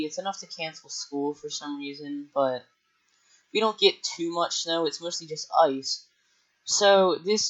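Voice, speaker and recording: This young storytelling vlogger speaks in a slightly high, fairly bright voice, rambling casually and constantly restarting and filling gaps with filler words. A dull, muffled lo-fi home mic captures him.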